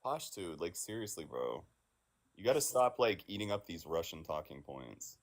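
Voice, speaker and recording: Low-voiced joking man. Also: big pitch swings, moderate pace. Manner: joking, teasing. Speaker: debate panelist. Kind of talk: casual political debate chat.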